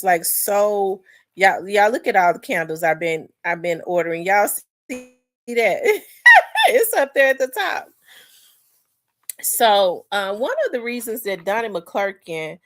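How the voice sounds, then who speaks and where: A woman in her forties hosting a casual livestream, rambling with fillers and restarts, talking to viewers as y'all, congested and clearing her throat. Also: on the low side. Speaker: livestream host. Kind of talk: casual livestream commentary, reading chat.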